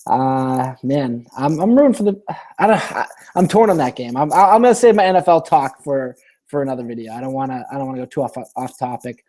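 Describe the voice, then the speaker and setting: A man with a mellow, dark-toned voice at an ordinary middle pitch hosts a casual live-stream Q&A. He reads viewer questions aloud and answers loosely, rambling and restarting his sentences as he goes. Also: expressive, a little fast.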